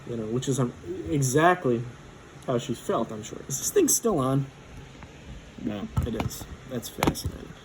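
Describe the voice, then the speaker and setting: A man's voice: medium pitch, very animated, moderate pace, slight background noise, rough recording. A man in his twenties telling a personal story casually, rambling with lots of fillers and swearing.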